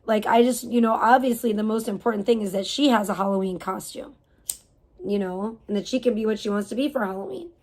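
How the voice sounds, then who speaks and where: A woman's voice: mid-range voice, brisk, darkish tone. A young adult woman livestreaming, venting in a rambling, frustrated way, swearing often and filling her talk with fillers. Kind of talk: casual live-stream venting.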